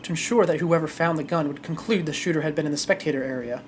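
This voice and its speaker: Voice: medium pitch, slight background noise, close to an everyday voice. A streamer reading a cool, formal male prosecutor. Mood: composed. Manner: measured, formal.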